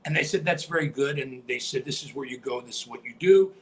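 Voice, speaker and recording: The recording is low quality with slight background noise, and this man talks quickly at medium pitch. He's a middle-aged former pro wrestler in a storytelling interview, animatedly voicing the dialogue and supplying sound effects.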